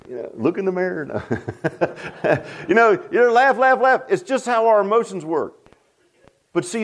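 A man preaching a sermon as pastor, folksy and emphatic, repeating himself and laughing at his own jokes. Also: high-pitched.

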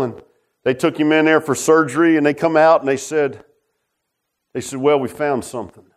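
A middle-aged man preaching a folksy testimony sermon, repeating "man" and "huh?", swinging between loud preaching and hushed low tones. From Virginia.

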